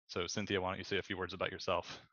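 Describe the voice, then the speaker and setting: Deep-voiced guy in his 30s rambling fast on a video call, crisp dry sound but kinda muffled. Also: monotone, bright, forceful tone, dry recording. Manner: fast, rambling, many fillers and restarts. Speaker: panel presenter, studio co-founder. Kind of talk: casual presentation over video chat.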